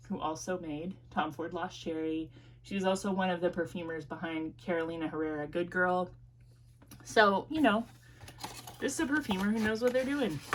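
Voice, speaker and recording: A woman with an American Midwest accent and a notably deep voice reviews a perfume in a casual vlog, rambling freely with frequent ums, likes and self-corrections. Restarting sentences midway keeps her talk unscripted. Her tone is fairly bright, and there's slight background noise.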